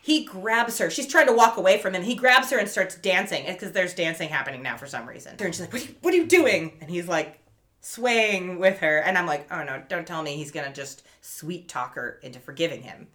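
Her voice sits on the low side and she talks fairly quickly, co-hosting a podcast where she casually retells a TV episode. She's an animated storyteller who acts out the characters' lines, laughs often and swears offhandedly.

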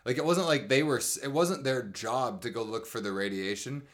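A man co-hosting a podcast in relaxed casual chat, wry and swearing offhandedly. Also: medium pitch, normal speed. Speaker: podcast co-host.

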